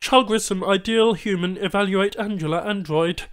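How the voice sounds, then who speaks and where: Alien trader, male, halting broken speech, voiced by a male narrator, raised pitch, smooth tone. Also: fairly bright tone. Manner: clipped broken phrasing, formal apologies.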